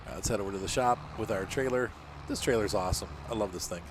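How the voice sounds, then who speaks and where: A man's voice: on the low side, big pitch swings, fast talker, few pauses, slight background noise. A man hosting a casual let's-play, chatting and joking as he narrates each move in the game. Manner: chatty and jokey, narrating his own moves. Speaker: gaming channel host.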